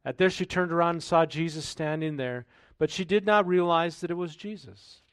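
A male pastor giving a sermon, reading scripture aloud and then commenting in a relaxed, conversational way with rhetorical questions. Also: a little high, moderate pace, clear, resonant tone, no echo.

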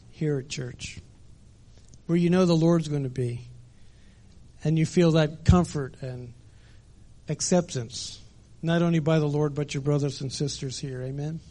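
A man's voice: fairly high pitch, gravelly, dark tone. A middle-aged man giving a conversational sermon at church, telling stories with many fillers. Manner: conversational storytelling with frequent fillers. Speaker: preacher.

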